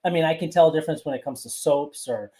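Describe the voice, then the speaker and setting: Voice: medium pitch, fast, dark tone. A podcast co-host in casual chat, rambling and repeating words while thinking aloud.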